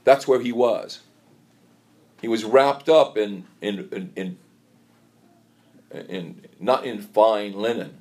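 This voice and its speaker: Halting low-voiced man preaching. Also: fairly even intonation, darkish tone. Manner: halting, repeats words, storytelling. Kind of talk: sermon.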